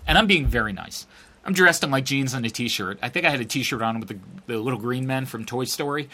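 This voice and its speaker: A middle-aged man telling a story in a casual, sarcastic and profane way, acting out quotes with big jumps in his voice. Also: fairly quick. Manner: animated, acts out quotes with big pitch jumps.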